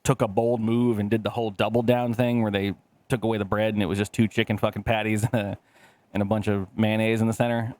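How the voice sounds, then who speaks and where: A man's voice: mid-range voice, dry recording. A man in his thirties, co-hosting a casual podcast, telling rambling, profane stories with acted-out quotes. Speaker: podcast co-host.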